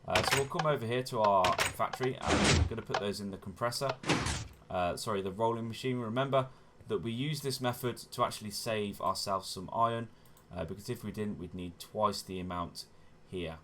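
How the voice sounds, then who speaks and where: A man with a low-pitched voice talks through his gameplay in a chatty, relaxed way, explaining each step. He often corrects himself mid-sentence and keeps up an easygoing commentary. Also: a little fast, background noise. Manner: chatty, self-correcting, often says "wonderful". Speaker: gaming channel host.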